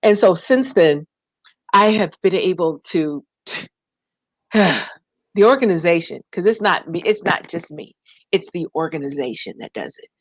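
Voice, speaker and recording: A woman from the United States telling her story in an interview, animated, acting out quoted voices and fighting back tears. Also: fairly low pitch, a little slow, no room sound. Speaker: guest, nonprofit founder.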